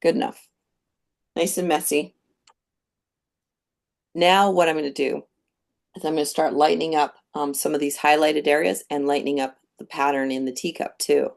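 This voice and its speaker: A woman giving a live painting demonstration, calmly explaining each step as she thinks aloud. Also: low voice, normal speed, vocal fry, long pauses. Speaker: painting instructor.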